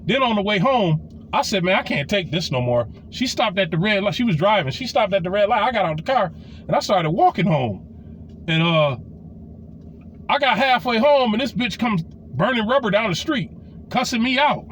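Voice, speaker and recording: Guy in his 40s spinning a raunchy storytime, high voice that jumps all over, cussing and um-ing, a little hiss behind. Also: normal speed. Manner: animated, profane, loose with fillers and restarts. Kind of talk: casual storytime monologue.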